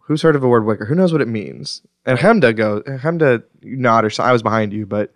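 A man's voice: mid-range voice, fairly quick, no room sound, studio quality. A man co-hosting a comedy podcast, congested from a cold, telling stories in a ranting, casual way. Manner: ranting, storytelling. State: stuffy, congested. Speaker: podcast co-host. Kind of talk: casual chat.

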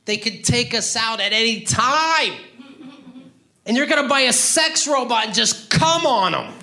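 A man's voice: very high-pitched, expressive. Profane ranting stand-up man. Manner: profane, rapid ranting with sudden loud outbursts. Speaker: stand-up comedian. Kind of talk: stand-up routine.

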